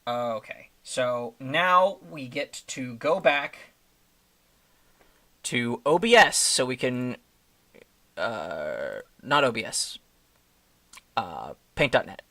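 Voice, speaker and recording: A man's voice: mid-range voice, sing-song, drawn-out words, long pauses, bright, forceful tone. Casual male streamer, mid-range voice, talks his way through the work, loose and rambling. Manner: rambling, thinking aloud with many fillers. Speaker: streamer making thumbnails. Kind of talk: casual live-stream commentary.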